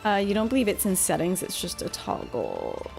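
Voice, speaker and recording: A woman's voice: on the low side, huge pitch swings, moderate pace, vocal fry, a little mellow, soft background music. A young woman streamer chatting casually over a game, swearing freely and answering her chat. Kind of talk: casual gaming commentary.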